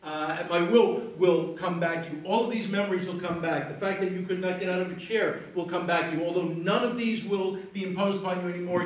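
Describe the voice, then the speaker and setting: Stage hypnotist, male, higher voice, soothing patter, taped far from the stage in a reverberant venue. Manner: slow soothing suggestions, then apologetic banter. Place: live venue with audience. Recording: echoey room, taped from afar.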